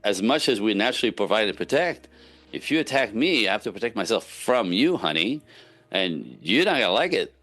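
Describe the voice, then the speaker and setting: A man's voice: lowish voice, brisk. A man, a relationship coach speaking as a podcast guest, giving casual but emphatic advice and often checking in with "right?". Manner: emphatic, animated, frequent "right?" tags.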